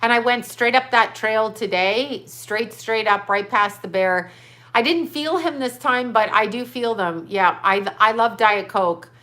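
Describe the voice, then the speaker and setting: Speaking a little high and unhurried, a woman with a bright, forceful tone runs a casual livestream from her home. She greets her viewers and reads out their comments as she chats and rambles.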